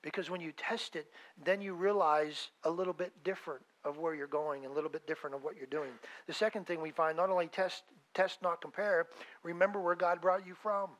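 A male pastor delivering a sermon in a relaxed, talky manner. His voice sits a little high for a man. He leans hard on key words, then drops to soft, low asides. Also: a little fast. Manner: conversational preaching, swinging between loud emphasis and quiet asides.

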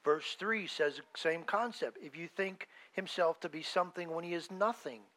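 A man preaching a conversational sermon as a pastor, swinging between loud emphasis and quiet, low asides. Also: moderate pace.

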